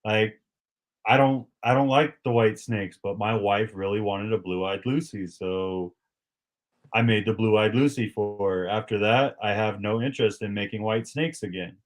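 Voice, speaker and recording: A man's voice: fairly low pitch, unhurried. A man hosting a casual podcast conversation, talking in an easygoing, chatty way with a lot of "man" and "like". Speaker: podcast host.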